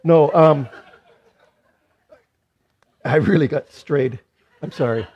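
A man's voice: a little high, slow, breathy edge. A man preaching a sermon in a conversational way, with joking asides and frequent restarts. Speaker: pastor. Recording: dull lo-fi recording.

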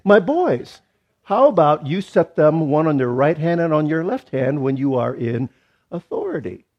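A man's voice: fairly high pitch, big pitch swings, moderate pace. A man voicing a pushy mother asking favors for her grown sons, on a dull lo-fi recording. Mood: pleading.

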